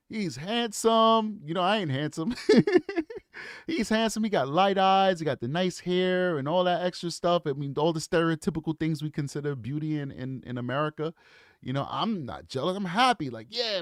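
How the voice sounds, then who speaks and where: Guy in his 40s, preachy casual commentary, kinda high voice, dry close sound. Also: big pitch swings, moderate pace, no room sound. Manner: earnest, lecturing, repeats himself. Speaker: true crime commentator.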